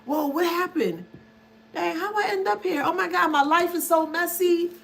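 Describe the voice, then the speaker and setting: A bewildered, whiny self-pitier played by a woman squeaks in high, lively complaint. The voice rises and falls a lot, tight and bright. It sounds dazed about how things turned out so messy. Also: normal speed, creaky, heavily acted. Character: flustered self-absorbed person wondering where life went wrong.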